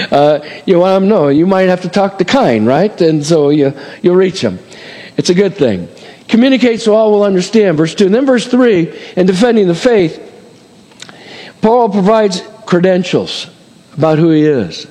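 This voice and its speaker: A man's voice: fairly high pitch, darkish tone. A middle-aged male pastor preaching a conversational sermon, full of asides and rhetorical "amen?" and "right?" checks. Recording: long hall reverb.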